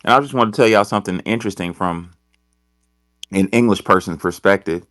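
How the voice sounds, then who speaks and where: Deep-voiced rambling male host. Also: brisk, fairly bright tone, dry recording. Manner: rambling, hesitant, full of ums. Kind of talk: casual talk-show discussion.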